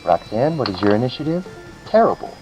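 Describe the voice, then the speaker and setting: A man narrating as game master of a tabletop game, animated and cursing freely. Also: mid-range voice, brisk, faint music behind, poor audio. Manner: animated, swearing, laughing.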